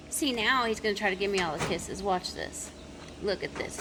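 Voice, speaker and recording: A woman in her thirties vlogging outdoors on her farm, baby-talking her animals and calling sheep loudly. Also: fairly high pitch, fairly quick, creaky, heavy background noise. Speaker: ranch vlogger. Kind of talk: casual farm vlog talk.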